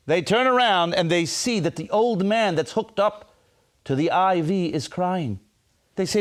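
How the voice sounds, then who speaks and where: A man telling a dramatic story at a concert, swinging between hushed and emphatic. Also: on the high side, unhurried, clear, resonant tone. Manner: animated, first-person narration of the tale.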